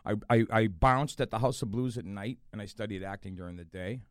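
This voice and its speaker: A middle-aged man with a Boston accent, an actor guest in a casual interview, telling animated stories with frequent laughs and lots of "you know". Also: on the low side, fairly quick, no room sound, studio quality.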